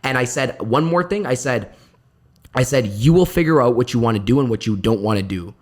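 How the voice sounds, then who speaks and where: A young man talking fast in a relaxed podcast chat, his pitch sitting in the middle of the male range. He tells stories and acts out the voices of people he quotes, filling his talk with "I'm like.". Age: young adult. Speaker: podcast guest.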